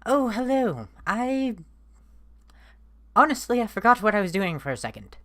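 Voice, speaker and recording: A woman's voice: fairly high pitch, very animated, moderate pace, dry recording, voice pushed up. A woman voicing a polite, awkward young male vampire who speaks formally and hesitantly.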